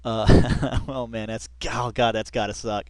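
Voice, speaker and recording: A man's voice: medium pitch, little pitch movement, unhurried, a little mellow, smooth, no echo, studio quality. Laid-back man doing reaction commentary. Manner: laid-back, laughs often, says dude and man a lot. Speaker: reaction video host.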